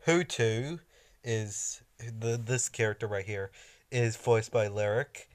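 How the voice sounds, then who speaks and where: A man commenting casually on a cartoon in a reaction video, pausing often and laughing along. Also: fairly low pitch.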